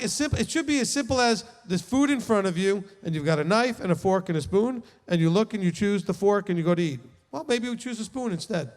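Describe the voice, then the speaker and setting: A man teaching a midrash as rabbi, in an animated, joking and emphatic way, in a large tent. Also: high voice, long reverb tail. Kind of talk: lively teaching talk. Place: large tent with a live group.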